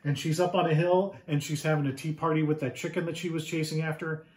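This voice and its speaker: A man reading his picture book aloud to children, animated and asking the listeners questions. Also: fairly high pitch, fast talker, roomy sound.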